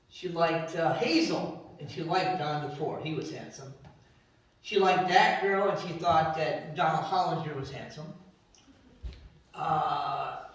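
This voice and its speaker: A man giving a memorial eulogy, telling rambling family anecdotes and acting out the voices he quotes. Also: fairly high pitch. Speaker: eulogy speaker. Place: memorial service hall. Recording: very echoey hall, distant from mic.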